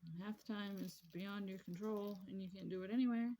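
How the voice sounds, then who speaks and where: A woman's voice: mid-range voice, fairly even intonation, fairly quick, dark tone, slight background noise. A woman vlogging casually about her craft hobby, rambling and repeating herself in an easygoing way. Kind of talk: casual chat while crafting.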